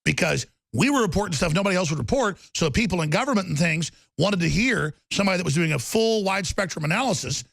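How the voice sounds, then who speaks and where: A man hosting a political talk show, ranting rapidly and heatedly with stammering restarts. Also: high-pitched, expressive, vocal fry, fairly bright tone, no echo.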